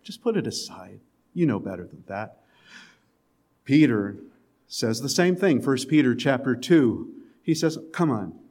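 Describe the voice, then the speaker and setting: A man's voice: mid-range voice, expressive, a little slow, long pauses. Man preaching a conversational sermon. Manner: conversational preaching, drops to soft emphatic lines, occasional chuckles. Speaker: pastor.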